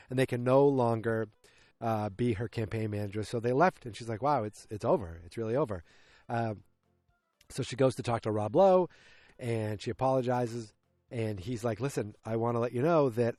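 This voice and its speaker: A man casually recapping a sitcom episode for his podcast, rambling along with plenty of restarts and acting out snippets of dialogue. His voice sits in a middle pitch. The sound is dry and close, with no room around it. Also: a little mellow, dry recording. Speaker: podcast host.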